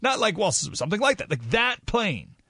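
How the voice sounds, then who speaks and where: A man hosting a talk radio show, telling stories in an animated, emphatic way. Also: high-pitched, fairly quick, husky, dry recording. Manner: animated storytelling, rising to excited emphasis. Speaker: radio host.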